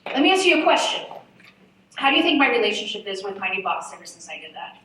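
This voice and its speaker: A woman speaking on a conference panel, telling frank, lively stories and poking fun at herself. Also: medium pitch, fast talker, slight background noise. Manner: candid, lively storytelling with self-mocking asides. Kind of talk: live panel talk at a marketing summit. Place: large event hall. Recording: echoey hall, voice from far off.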